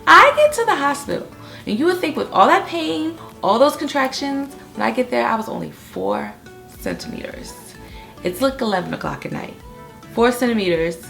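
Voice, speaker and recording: A young woman in her living room, telling a story in a chatty, animated way and often checking in with "okay?". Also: mid-range voice, vocal fry. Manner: chatty, animated retelling with frequent "okay?" asides. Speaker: vlogger. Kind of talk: storytime vlog. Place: home living room, on a couch.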